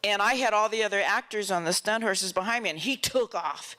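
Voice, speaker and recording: A woman telling lively stories as the honored guest in an onstage film festival Q&A. She laughs often and acts out other people's lines. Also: medium pitch, a little fast. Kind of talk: onstage interview storytelling. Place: festival stage before an audience.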